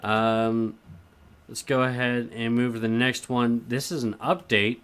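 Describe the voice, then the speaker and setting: A man's voice: mid-range voice, fairly even intonation, unhurried, fairly bright tone, clear, resonant tone. A man co-hosting a casual podcast, talking in a laid-back, agreeable way with sarcastic asides. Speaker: podcast co-host. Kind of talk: casual chat.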